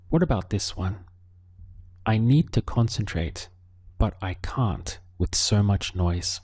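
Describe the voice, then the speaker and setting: Calm, deep-voiced man teaching slowly. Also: slightly rough, no room sound, studio quality. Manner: calm, patient, models words slowly for repetition. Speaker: language teacher. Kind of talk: slow, deliberate spoken lesson.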